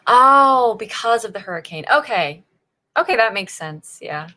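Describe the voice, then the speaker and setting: A woman's voice: a little high, lively intonation, moderate pace, bright, forceful tone. A woman from Northern Virginia, hosting a writing-sprint livestream and chatting casually with viewers, laughing often as she reacts to chat. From Northern Virginia, USA.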